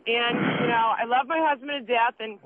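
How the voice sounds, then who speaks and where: A woman calling a radio show while traveling in a vehicle, speaking earnestly in halting fragments. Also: on the high side, steady tone, slight background noise. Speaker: caller. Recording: tinny phone line from a moving vehicle.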